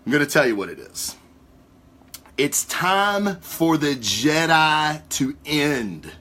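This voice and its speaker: Excitable, profane man rambling theories. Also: fairly high pitch, takes it slowly. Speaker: podcast host. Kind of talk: casual theory talk to a live chat.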